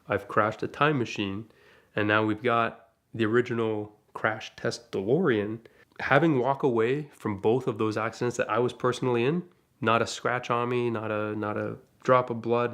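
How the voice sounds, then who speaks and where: A man telling a casual first-person story about crashing his car, chatty and lively, with asides and small laughs. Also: medium pitch. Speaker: DeLorean rental owner telling a crash story.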